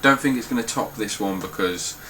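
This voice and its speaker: A young man casually walks through his game collection, blunt and swearing freely. His voice sits on the low side with a sharp tone, he talks a little fast, and the recording quality is low.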